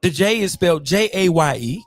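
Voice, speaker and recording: A man's voice: sits high, moderate pace, no room sound, soft background music. A man hosting his own podcast, rambling and swearing freely as he invites guests. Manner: rambling, profane and animated. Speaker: podcast host. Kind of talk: casual podcast monologue.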